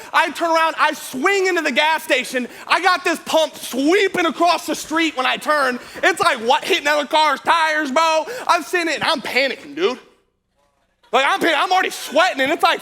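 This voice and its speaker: A man preaching to a youth group, telling a story in slangy, animated speech and turning quieter and earnest when he teaches. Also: very high voice. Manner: slangy and animated, calls the crowd bro and dude. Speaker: youth pastor. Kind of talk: youth sermon with a comic opening story. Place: church youth service venue.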